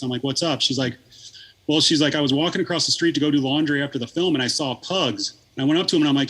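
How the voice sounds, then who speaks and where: A man's voice: on the high side, fast, fairly bright tone, slightly rough. A man in his thirties, a podcast guest, telling a long story in casual, rambling talk full of swearing and fillers.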